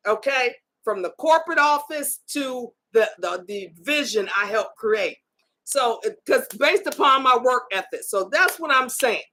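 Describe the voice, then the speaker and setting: A woman's voice: high voice, bright, forceful tone. A middle-aged woman hosting a live-streamed faith podcast, talking casually and exhorting her listeners, often tagging her lines with "okay?" and "y'all.".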